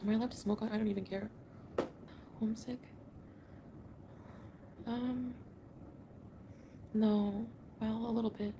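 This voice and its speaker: A tearful woman rambling softly in a late-night livestream from her home, often half-whispering. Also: fairly high pitch, little pitch movement, unhurried, long pauses, background noise. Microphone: phone livestream.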